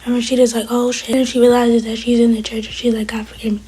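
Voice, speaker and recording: A woman's voice: on the high side, flat delivery, warm tone, slight background noise, rough recording. A woman hosting her own channel, casually retelling a TV episode scene by scene. She quotes each character's lines in much the same voice as her own narration. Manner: rapid retelling that quotes characters in a barely changed voice. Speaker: TV episode reviewer and channel host.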